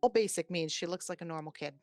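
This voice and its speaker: A woman in her forties, a podcast host, telling a personal story in an animated, chatty way. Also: lowish voice, fast, no echo. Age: 40s. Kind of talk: casual storytelling chat.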